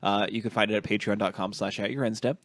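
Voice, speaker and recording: A man's voice: fairly low pitch, fairly even intonation, fast talker, dry recording, studio quality. A man hosting a casual podcast, rambling through his points with many fillers and restarts. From Ohio. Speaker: podcast host.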